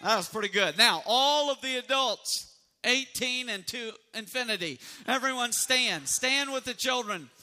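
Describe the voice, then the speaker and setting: A man's voice: extremely high pitch, lively intonation, unhurried, sharp tone. A man pastor preaching a sermon and leading his congregation in call-and-response. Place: church sanctuary.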